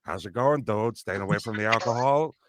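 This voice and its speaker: A gruff, swaggering East Coast tough guy, as a man puts him on barks menacing threats in a rough New York and New Jersey accent. The voice sits slightly higher and louder than the man's normal talk, and the delivery is pushy and bullying. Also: fairly quick, over a noisy crowd, natural voice. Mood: threatening. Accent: New York and New Jersey mix. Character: brash adult male East Coast tough guy party bouncer.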